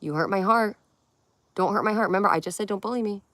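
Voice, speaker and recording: A woman's voice: mid-range voice, fast talker, fairly bright tone, dry recording. A young woman from Connecticut hosting a casual livestream, chatting playfully and answering comments one by one. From Connecticut, USA. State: tired. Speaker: livestream host.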